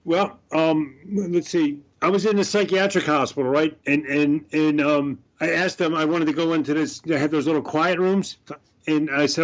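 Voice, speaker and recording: Middle-aged guy guesting on a podcast, kinda high voice, gets fired up, rambles, muffled lo-fi sound. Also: fairly even intonation, moderate pace. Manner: impassioned, rambling, many fillers. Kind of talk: casual interview chat.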